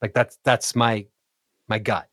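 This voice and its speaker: A man hosting a casual podcast conversation, telling stories with animated restarts. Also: lowish voice, slow pace, dry recording, studio quality. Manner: animated, self-interrupting storyteller. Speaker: podcast host.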